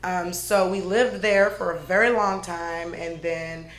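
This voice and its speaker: A woman's voice: lowish voice, fairly even intonation, unhurried, fairly bright tone, a little hiss or hum. A woman guest in casual chat, talkative and laughing often, with many fillers, who grew up in Germany. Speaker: podcast guest. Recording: echoey room.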